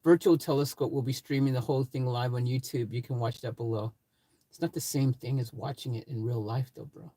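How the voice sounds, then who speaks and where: A man's voice: medium pitch, fairly even intonation, brisk, warm tone, no room sound. A man hosting a casual live stream from his van, joking and chatting with viewers in the live chat. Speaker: livestream host.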